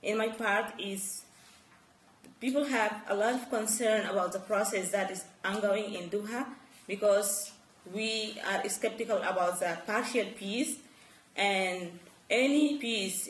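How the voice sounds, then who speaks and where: A woman speaking at a public forum, giving a prepared statement in a serious, measured way and slowing on key points. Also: medium pitch, roomy sound, rough recording.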